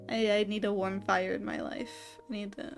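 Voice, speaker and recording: A woman's voice: mid-range voice, gravelly. A woman streamer in a casual late-night chat, rambling and giggling often.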